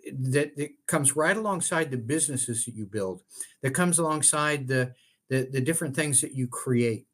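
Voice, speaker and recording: Older male attorney guest, sincere, stumbles and restarts as he speaks. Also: medium pitch. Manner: earnest, heartfelt, halting with many restarts. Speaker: estate planning attorney, guest. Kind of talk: earnest interview talk.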